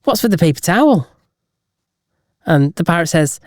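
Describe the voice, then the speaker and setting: A man co-hosting a casual podcast, telling jokes deliberately and chuckling at his own punchlines. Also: on the high side, very animated, no room sound, studio quality. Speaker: podcast co-host.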